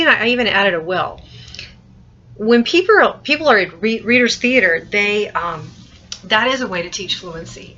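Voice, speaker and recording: A woman teacher with a bright, forceful voice and a slightly low pitch walks through a recorded mini-lesson, repeating herself as she builds each point. The sound is muffled, like a lo-fi laptop webcam recording, with faint noise underneath. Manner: explains through examples and acts out sample lines; repeats and restarts phrases while thinking aloud. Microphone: laptop webcam mic.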